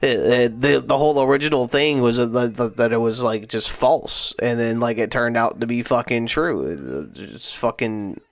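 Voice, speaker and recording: A man's voice: mid-range voice, moderate pace, hardly any pauses. A young man hosting a live stream, rambling in casual chat, swearing a lot and tripping over his words. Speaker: livestream host.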